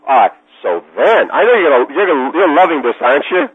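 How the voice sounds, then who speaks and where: A man telling a long anecdote in a rambling, animated way, often repeating himself, as a podcast guest. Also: fairly high pitch, fast, breathy edge, dry recording. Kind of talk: casual storytelling. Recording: dry, phone-like lo-fi sound.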